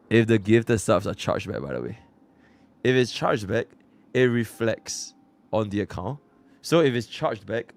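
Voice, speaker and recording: A young man from Singapore streaming live, chatting casually with his viewers and swinging between low mumbles and excited shouts. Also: unhurried, faint music behind. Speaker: livestreamer.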